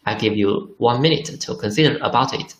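A man's voice: mid-range voice, a little fast, echoey room, rough recording. A man teaching a lesson in English, patiently repeating syllables for drills. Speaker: Chinese teacher. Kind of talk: language lesson.

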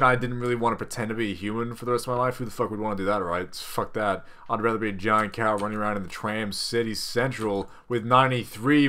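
Young Australian man, gameplay commentator, profane and excitable, bright forward tone, desk mic. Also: on the low side. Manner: excitable, swears constantly, yells at game characters. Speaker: gaming video host.

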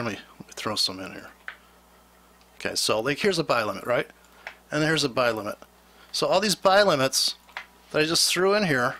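A man's voice: fairly high pitch, bright, forceful tone. A man giving a rambling trading lesson over a chart on his screen, blunt and sarcastic as he talks. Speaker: trading instructor.

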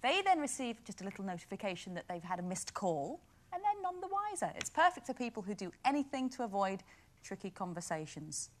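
A woman's voice: medium pitch, very animated, brisk, noisy background. A woman anchoring a chat show, reading links and steering the panel in an upbeat way. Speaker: anchor host. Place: TV studio.

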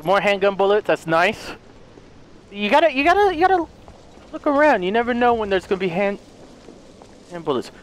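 A man giving let's play commentary on a horror game, excitable, yelping and taunting the enemy. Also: high-pitched, a little fast, long pauses, a little hiss or hum. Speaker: gamer playing a horror game.

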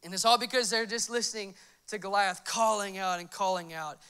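A young man preaching a sermon, mixing scripture reading with an animated, laughing personal story. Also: high voice, fairly quick, clear, resonant tone. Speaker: pastor.

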